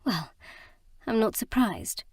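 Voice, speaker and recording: A woman voicing an earnest, emotional young bride in an audiobook, speaking in a halting, heartfelt way. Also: on the high side, big pitch swings, creaky, darkish tone, breathy edge, no room sound, studio quality, full character voice. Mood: wondering. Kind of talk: audiobook character reading.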